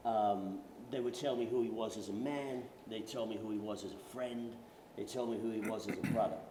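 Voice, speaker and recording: A man's voice: lowish voice, fairly even intonation, fairly quick, mellow. A British man with a London accent telling stories on a panel in a joking, self-deprecating way. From Britain. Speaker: actor on a veterans' conference panel. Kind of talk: casual panel storytelling. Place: conference hall panel. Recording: roomy echo with faint noise.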